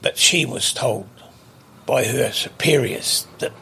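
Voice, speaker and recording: As a podcast guest, an older New Zealander tells stories in a blunt, emphatic, repetitive way during a casual interview. His mid-range voice is slow, creaky, pushed and bright, with slight background noise.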